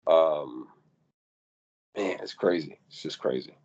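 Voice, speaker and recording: A man co-hosting a casual podcast, talking in an animated way, acting out quoted voices and repeating words as he goes. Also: rumbling low, slow, highs cut off. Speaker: podcast co-host.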